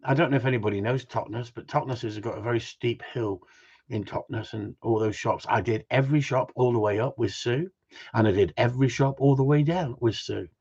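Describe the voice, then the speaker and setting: Blunt husky-voiced man ranting. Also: medium pitch, fairly quick, darkish tone, muffled recording. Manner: blunt and ranting, with mild swearing. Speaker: gundog trainer. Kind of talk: casual livestream chat.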